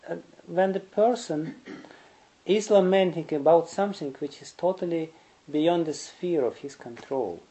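A man's voice: high-pitched, dark tone, low-quality recording. A man giving a spiritual lecture, telling stories in a rambling way and chuckling often. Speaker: spiritual teacher.

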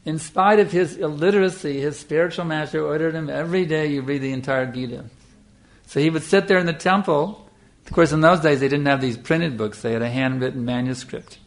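An older man giving an earnest sermon, telling a devotional story with lively storytelling and frequent fillers. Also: fairly high pitch, brisk, hardly any pauses. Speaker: spiritual teacher.

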